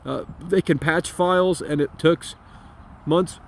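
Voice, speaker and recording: A high-voiced man rants brashly on his livestream, swearing and repeating himself. He is talking outdoors into a phone. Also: fairly even intonation, measured pace, vocal fry, a little hiss or hum. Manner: brash, profane, repetitive ranting. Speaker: streamer and host. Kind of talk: casual ranting livestream.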